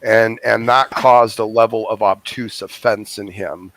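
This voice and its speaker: A man's voice: on the low side, steady tone, unhurried, a loud crowd. A man hosting a live call-in stream, wordy, often restarting his sentences. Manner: wordy, with frequent restarts and fillers. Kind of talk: casual live-stream chat.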